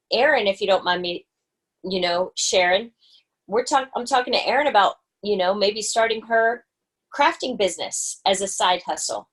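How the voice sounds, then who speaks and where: A woman hosting a book study group on a video call, chatty and encouraging, with lots of fillers. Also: mid-range voice. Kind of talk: casual group video chat.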